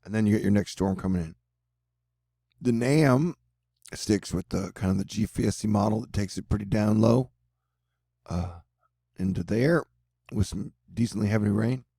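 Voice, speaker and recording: A Texan man chats his way through tropical storm forecasts in a dark, gravelly voice, cracking odd jokes as he goes. The sound is dry and close, like a home setup. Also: fairly low pitch, moderate pace, pauses often, no echo. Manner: joking, rambling, offbeat asides. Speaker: weather video host. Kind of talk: casual storm-tracking commentary over forecast maps.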